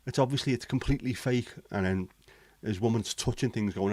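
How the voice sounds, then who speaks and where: A man's voice: medium pitch, fairly quick, darkish tone, no echo. A man chatting casually on a livestream, blunt, sweary and cynical. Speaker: livestream host. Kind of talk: casual chat.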